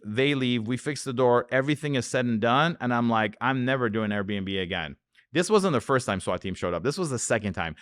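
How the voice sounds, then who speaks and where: In clean, echo-free studio audio, a real estate investor with a medium-pitched voice delivers animated storytelling as a podcast guest. His wild anecdotes are full of profanity, and he imitates the people in them.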